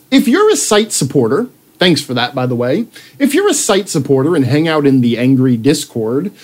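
A man's voice: on the high side, darkish tone. Sarcastic man ranting through his own article. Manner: sarcastic, swearing, breaks off to joke and laugh; puts on mock voices when quoting people. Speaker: writer reading his own article aloud. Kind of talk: ranting proofread read-aloud.

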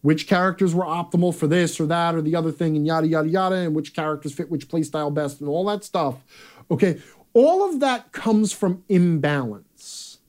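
A man's voice: a little high, moderate pace, a little mellow. A man hosting a live chat, talking bluntly and casually with profanity and rambling asides. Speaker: host.

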